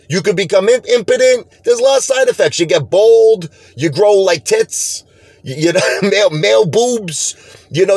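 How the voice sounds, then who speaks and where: A man's voice: sits high, dry recording. A middle-aged man, talking straight to camera in an emphatic, repetitive rant as the host of his own video channel. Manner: animated, emphatic, repeats himself. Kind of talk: casual direct-to-camera rant.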